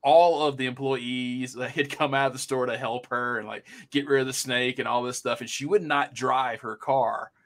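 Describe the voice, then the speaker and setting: A man's voice: medium pitch, steady tone, normal speed, hardly any pauses, fairly bright tone. A man co-hosting a podcast, telling rambling stories in casual chat with lots of fillers. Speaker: podcast co-host.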